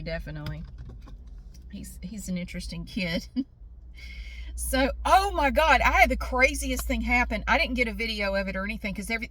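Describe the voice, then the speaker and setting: A middle-aged woman vlogger telling a story casually to the camera, lively, swearing and acting out what people said. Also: a little high. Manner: animated, swearing, acts out quotes.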